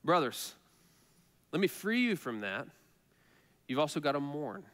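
An earnest male pastor delivering a conversational sermon, his voice sitting a little higher than most men's. It carries a long reverb from a church hall, and he leans on repeated phrases for emphasis. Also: big pitch swings, unhurried, fairly bright tone. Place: church sanctuary.

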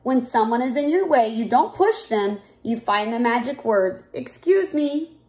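A woman's voice: on the high side, lively intonation, unhurried, a little mellow. A woman voicing a patient mother bear who kindly teaches her cub manners in a storybook. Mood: teaching. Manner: kindly, instructive.

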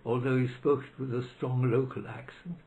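A man's voice: medium pitch, steady tone, normal speed, dark tone, muffled recording, slight background noise. A man, reminiscing hesitantly in an interview, with many fillers and restarts. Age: 90s. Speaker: interviewee, retired law professor. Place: library room.

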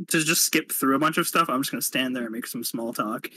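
A man's voice: mid-range voice, quick pace, pushed and bright, slight background noise. A man playing a tabletop game, hesitant and polite with many fillers. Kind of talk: casual play chat.

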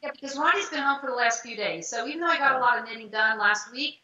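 Bright-voiced woman in an echoey room. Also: a little high, fast talker. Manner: animated storyteller who acts out quotes. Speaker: podcast co-host. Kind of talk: casual storytelling chat. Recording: echoey, dull lo-fi sound.

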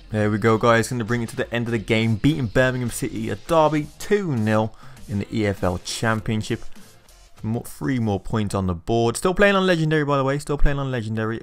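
A young man talks over his football game, cheering and groaning at his players as his pitch leaps around. He sounds excitable and chatty. Faint game music plays underneath. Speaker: gaming YouTuber. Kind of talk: live gameplay commentary.

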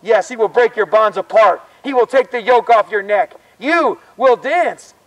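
A man's voice: high voice, expressive, moderate pace, fairly bright tone, low-quality recording. A man preaching fervently out of doors on a college campus, urging listeners to repent in an urgent, exhorting way. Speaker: street preacher. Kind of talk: open-air preaching.

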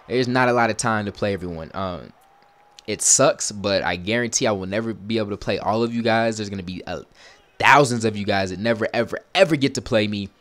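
A young man giving casual video game commentary, talking easily to his viewers and breaking into loud, frustrated shouts at the game. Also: on the low side. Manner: chatty, bursts into loud frustrated yelling at the game. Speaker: gaming YouTuber.

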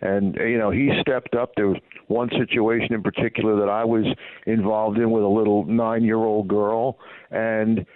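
A man's voice: fairly low pitch, flat delivery, normal speed, no room sound. A man, a former baseball team PR manager, telling anecdotes as a guest in a phone interview, rambling and full of "you know" fillers. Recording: tinny dry phone line.

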